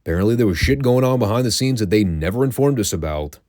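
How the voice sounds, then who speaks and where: A man's voice: lowish voice, expressive, quick pace, a little mellow, dry recording, clean studio sound. A man hosting a show, giving a casual, wry recap of old wrestling episodes and swearing now and then. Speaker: podcast host reviewing classic wrestling.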